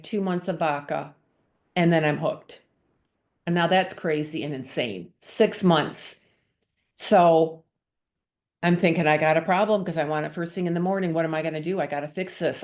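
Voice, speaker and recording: Her voice sits low and sounds a little mellow. A middle-aged guest gives her testimony with earnest feeling, playing out the thoughts and exchanges she once had as she recounts them.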